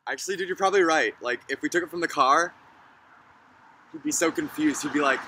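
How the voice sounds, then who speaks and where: A man doing a comic parody vlog skit, talking mock-serious and getting hyper, sometimes shouting. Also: on the high side, rapid-fire, slight background noise, rough recording. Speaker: parody vlogger.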